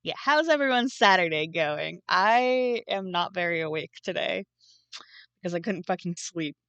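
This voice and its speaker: A woman's voice: on the low side, animated, normal speed, a bit bright, no echo, highs cut off. A young woman streamer chatting casually while she draws, groggy from just waking up, rambling and swearing now and then. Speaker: streamer and artist. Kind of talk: casual live-stream chat.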